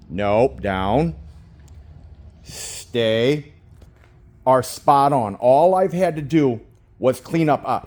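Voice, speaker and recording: A man's voice: a little high, darkish tone. Enthusiastic dog trainer man filming. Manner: enthusiastic, gushing praise, baby talk to the dog; crisp short commands to the dog. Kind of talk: narrating a dog training session. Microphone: phone held in hand.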